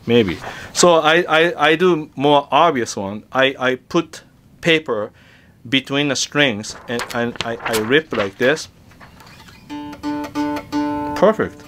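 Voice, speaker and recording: Chatty, halting male guitar teacher. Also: medium pitch. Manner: chatty, halting, repeats words while demonstrating on guitar. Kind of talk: casual guitar lesson.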